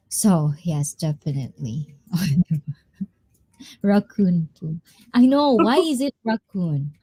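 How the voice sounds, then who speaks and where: A woman's voice: on the low side, warm tone. A woman hosting a casual live stream, reading viewer comments aloud, laughing often and mixing in Tagalog phrases.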